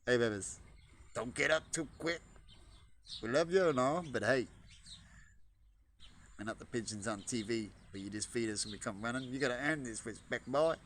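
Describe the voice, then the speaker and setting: A man's voice: moderate pace, pauses often, a little hiss or hum. Rambling man outdoors amid birdsong. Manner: chatty, swings between low mutters and high excited baby talk to birds. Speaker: vlogger. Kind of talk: casual rambling chat. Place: outdoors at a bird-feeding spot. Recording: outdoor audio with birdsong behind. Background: birds chirping.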